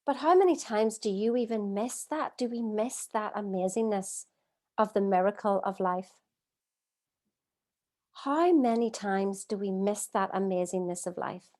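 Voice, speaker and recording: A middle-aged woman leading a live online coaching masterclass from home, earnest and expressive, asking her audience many rhetorical questions. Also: mid-range voice, unhurried. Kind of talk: live-streamed coaching talk. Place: at home, streaming by video call.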